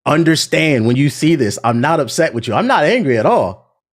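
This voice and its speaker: A man who makes gaming content, ranting to his chat in an animated, profane and indignant way. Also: a little high, fairly quick.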